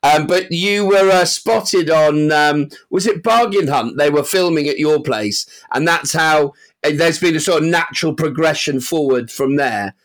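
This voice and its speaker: A man's voice: fairly high pitch, a little slow, few pauses. A man hosting a podcast, asking a guest questions in an upbeat, encouraging way. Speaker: podcast host. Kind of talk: casual interview.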